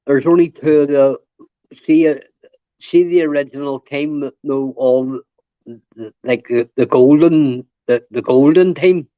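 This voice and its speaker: A man's voice: medium pitch, measured pace, warm tone, no room sound. Rambling man talking football, dry lo-fi. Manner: rambling, repeats himself, retells what others said. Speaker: guest on a live panel. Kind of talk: casual football chat. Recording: dry, dull lo-fi call audio.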